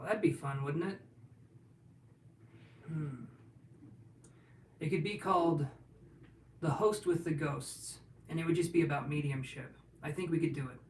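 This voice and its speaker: A man's voice: on the high side, normal speed, pauses often, distant mic. A man reading tarot cards on a casual livestream, chatting and joking as he answers viewers' questions. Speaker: tarot reader. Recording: roomy sound from off-mic, faint room noise.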